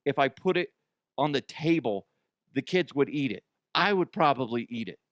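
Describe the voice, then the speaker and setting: A man's voice: medium pitch, expressive, normal speed, fairly bright tone, no echo. An American man hosting a comedy news show, giving a crude, profane, self-mocking monologue. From United States.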